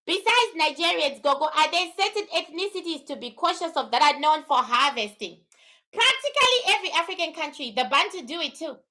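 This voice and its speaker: A middle-aged woman with a very high, bright, sharp-edged voice rants to her livestream viewers without a script. She scolds in a fiery, profane way while giving her spiritual readings. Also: lively intonation, normal speed, low-quality recording. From lives in Canada. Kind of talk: unscripted livestream rant.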